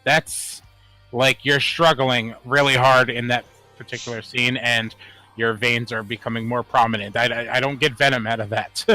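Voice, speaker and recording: A man co-hosting a casual podcast, talking in an animated way, swearing and laughing often. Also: moderate pace, faint music behind. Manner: animated, swears, laughs often, rising pitch when worked up. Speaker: podcast co-host. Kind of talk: casual chat.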